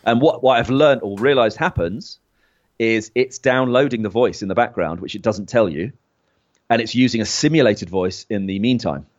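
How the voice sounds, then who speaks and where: A man with a fairly low voice talks through a casual tech chat, laughing often and restarting his sentences. The recording sounds a little dull and lo-fi. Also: moderate pace. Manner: chatty, laughing, with frequent restarts. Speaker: podcast co-host.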